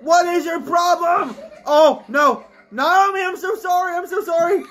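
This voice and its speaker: Excitable woman shrieking through a game. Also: unhurried, few pauses. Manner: excitable, swings from low mutters to shrieks and screams. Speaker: gamer. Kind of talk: let's-play commentary.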